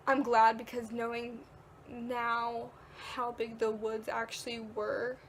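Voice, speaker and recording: A teenage girl vlogs, casually telling a story in a chatty way, full of "like" and acted-out quotes. Her voice is fairly high, and there is a little hiss or hum in the recording.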